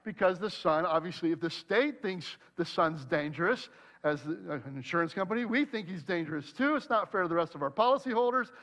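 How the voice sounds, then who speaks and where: A man preaching a sermon, telling a personal story in an animated way and acting out his own worried thoughts aloud. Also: sits high, fairly quick. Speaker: pastor.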